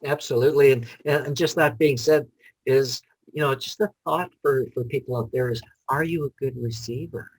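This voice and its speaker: Relaxed male host in casual chat. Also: mid-range voice, normal speed, breathy edge, no echo, rough recording. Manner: relaxed, many "you know" fillers.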